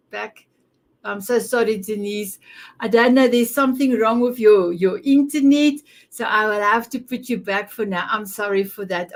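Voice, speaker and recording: A woman hosting an online summit over a video call, gushing and effusive with her guests. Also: a little high. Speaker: summit host.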